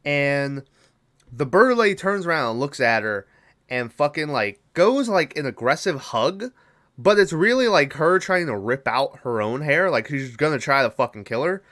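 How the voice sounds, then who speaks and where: Very animated and a bit bright, with a voice on the high side, a young man at a moderate pace loosely recounts a horror film for his podcast. He swears heavily, leans on fillers and quotes lines from the film.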